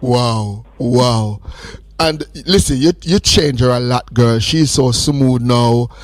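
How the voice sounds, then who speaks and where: Taking things slowly in a mid-range voice, this radio host playfully ribs a caller in a sing-song manner on his call-in show. The chat is casual, and there's no echo on the recording.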